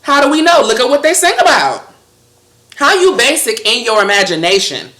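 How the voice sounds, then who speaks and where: A woman's voice: on the high side, big pitch swings, moderate pace, sharp tone, roomy sound. A woman delivering a heated, profane, scolding monologue with a sarcastic edge. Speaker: commentator.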